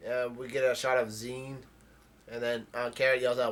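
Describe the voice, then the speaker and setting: A man casually summarizing the plot of a comic chapter, with halting speech full of ums, uhs and restarts. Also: medium pitch, level tone, a bit bright. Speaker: manga chapter recapper.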